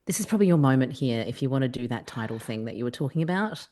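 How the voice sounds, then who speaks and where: A woman's voice: rumbling low, expressive, fast talker, warm tone. An Australian woman co-hosting a podcast, laid-back and cheeky in casual chat. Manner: laid-back and cheeky, swears and laughs freely. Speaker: podcast co-host.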